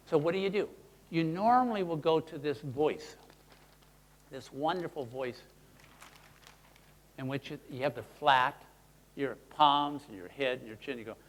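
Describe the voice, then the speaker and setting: A man leads a teaching seminar and acts out his points in little character voices. His voice sits a bit high for a man and swoops widely from phrase to phrase. A long echo from the hall trails each sentence. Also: normal speed. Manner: animated, acts out examples in voices. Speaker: seminar presenter. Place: presentation room.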